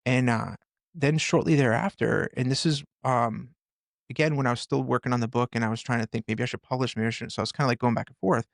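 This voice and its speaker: Earnest middle-aged man with gravelly voice. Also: mid-range voice, fairly even intonation, no room sound, clean studio sound. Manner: earnest, halting, with many restarts. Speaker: podcast guest, firefighter and author. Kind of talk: storytelling in a conversation.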